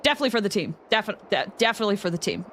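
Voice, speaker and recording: A woman's voice: medium pitch, animated, racing. A woman streamer giving casual, chatty commentary while playing, gushing and laughing often. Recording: game music under the voice.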